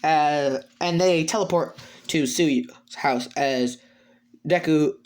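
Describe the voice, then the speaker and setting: A man improvising fan-fiction narration, halting and rambling with many restarts. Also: a little high, darkish tone. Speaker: storyteller.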